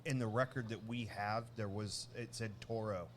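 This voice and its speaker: A man co-hosting a casual podcast, telling a long family story with many restarts and lively acted-out bits. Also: fairly low pitch, moderate pace, a little hiss or hum. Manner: rambling, restarts often, animated when telling a story. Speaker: podcast co-host.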